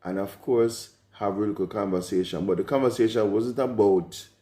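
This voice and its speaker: A Jamaican man in his forties, co-hosting a vlog and recalling the past in a measured, reflective way. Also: fairly low pitch, warm tone. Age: 40s. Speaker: vlog co-host. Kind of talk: casual conversation. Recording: echoey room.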